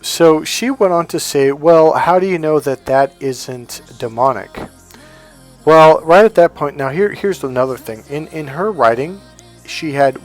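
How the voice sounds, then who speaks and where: A man giving a casual spiritual monologue as a coach, animated and self-assured, often laughing at his own points. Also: on the high side, normal speed, soft background music.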